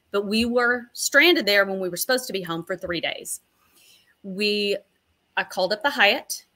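A woman's voice: mid-range voice, bright, forceful tone. A middle-aged woman, a nurse, telling stories as an interview guest in a chatty, long-winded, self-deprecating way. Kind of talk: casual interview storytelling.

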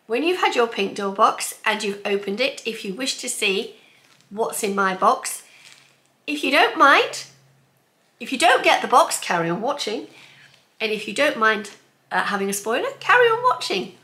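A middle-aged woman chatting excitedly to her viewers as she unboxes a parcel in her sewing room. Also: medium pitch. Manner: gushing, excitable, talks to viewers as folks. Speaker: sewing vlogger.

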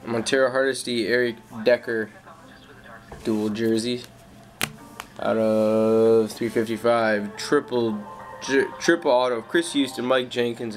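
A young man runs through his card collection in an easygoing, unhurried way, dropping slang and fillers as he names each card. His pace is slow and his pitch sits in a middle range. Soft music plays faintly behind him. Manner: laid-back listing with slang and fillers. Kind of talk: casual trading-card showcase.

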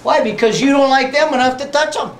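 High-voiced folksy man preaching. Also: fast talker, a little hiss or hum. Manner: folksy, joking, laughs often. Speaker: pastor. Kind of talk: sermon. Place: church sanctuary. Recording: echoey church sanctuary, mic from far off.

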